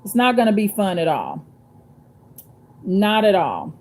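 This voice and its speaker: A woman at a middling pitch chats on her live stream from home. She leans hard on her words, circles back on the same phrases and keeps turning to her viewers with a y'all. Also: huge pitch swings, measured pace, long pauses, a little mellow. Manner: emphatic, repeats phrases, addresses viewers as y'all. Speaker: YouTube channel host. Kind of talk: live-stream chat and storytelling. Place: at home, downstairs.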